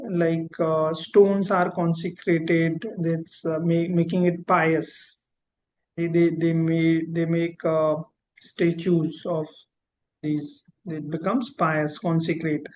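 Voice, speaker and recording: An unhurried teacher working through a vocabulary lesson. The voice sits at a middle pitch and stretches out each key term, often repeating it. Light background noise runs underneath. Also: darkish tone, poor audio. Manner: repeats words, spells them out and drags out key terms. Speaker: English teacher.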